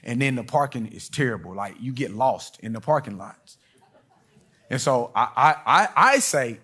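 A middle-aged man preaching a sermon, telling stories and acting out quoted voices, swinging between loud and hushed. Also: medium pitch, expressive, normal speed, slightly rough. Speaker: pastor.

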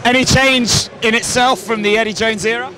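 A man asking rugby fans quick questions outdoors after a match. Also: extremely high pitch, fairly even intonation, sharp tone. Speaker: street interviewer. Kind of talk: vox pop questions. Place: outdoors outside a stadium.

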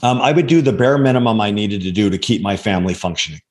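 A man in his sixties, a former undercover agent as interview guest, telling a personal story in a halting, earnest way with many restarts. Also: on the low side, lively intonation. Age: 60s.

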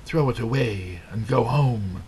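A man's voice: medium pitch, measured pace, darkish tone, a little hiss or hum, natural voice. A man reading as jeering robins. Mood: mocking. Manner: jeering, scornful. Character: group of mocking robins. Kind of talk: storybook read-aloud.

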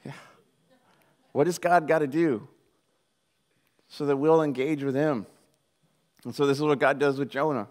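An animated man gives a conversational sermon, joking with the congregation as he goes. His voice sits a little on the high side, and he drops into the voices of the people in his story before coming back to plain talk. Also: measured pace, long pauses. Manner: animated, jokey, acts out quoted voices. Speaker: pastor.

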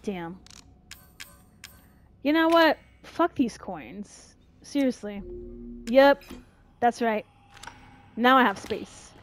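A young woman giving profane, jumpy let's-play commentary, yelling and cursing when scared. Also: fairly high pitch, very animated, very slow, pauses often. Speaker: gaming streamer. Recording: faint game music behind.

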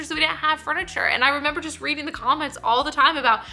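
A woman's voice: high voice, fast talker, hardly any pauses, pushed and bright, soft background music. A young woman, talking casually to camera, emotional and full of "like". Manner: emotional, choking up and laughing; filler-heavy, repeats "like". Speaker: vlogger.

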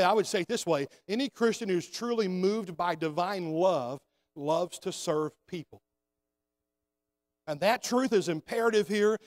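High-voiced man preaching a sermon. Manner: preaching with rising emphasis, calls for amens. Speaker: senior pastor. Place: church sanctuary.

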